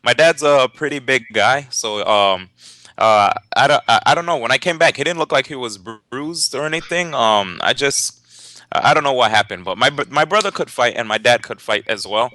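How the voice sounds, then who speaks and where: A young man, a tournament organizer and commentator, casually telling a story in an interview, lively and laughing, with many fillers and restarts. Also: medium pitch, moderate pace, dry recording.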